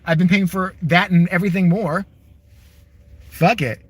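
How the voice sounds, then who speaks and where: A man's voice: high-pitched, fairly even intonation, normal speed, slightly rough, dry recording. A man vlogging from his car, ranting in a sarcastic, profane, exasperated way. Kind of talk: casual profane rant to camera.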